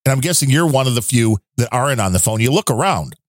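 A man's voice: medium pitch, sing-song, fast, dry recording, clean studio sound. A man hosting a casual political podcast, who jokes, laughs often and speaks to his listeners as folks. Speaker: podcast host.

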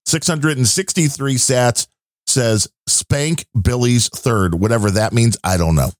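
A man's voice: medium pitch, measured pace, no room sound, studio quality. A man co-hosting a podcast, reading out listener donations in a loose, joking, rambling way. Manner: joking, rambling, laid-back. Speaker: podcast co-host. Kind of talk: casual podcast chat reading listener support.

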